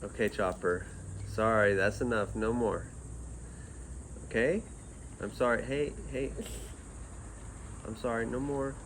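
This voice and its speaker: A man's voice: fairly low pitch, steady tone, slow, pauses often, slight background noise. Man chatting casually with his pets. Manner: playful, talks to his pets. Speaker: vlogger. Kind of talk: casual vlog chat.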